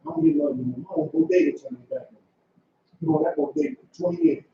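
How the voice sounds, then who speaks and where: A man with an unusually high, gravelly voice preaches to a class in a commanding tone, hammering short demands over and over. His delivery swings up and down in pitch. He sounds far from the mic in a very echoey room, on a dull lo-fi recording. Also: sing-song, fast talker, noisy background. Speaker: school leader teaching a class.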